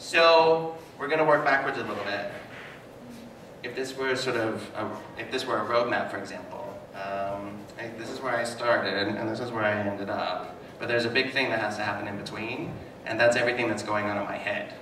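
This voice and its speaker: A man giving a live talk as a psychotherapist, telling stories with animated, self-mocking humor to an audience. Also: fairly low pitch, normal speed. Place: hall with an audience. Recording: echoey hall, mic at a distance, noisy.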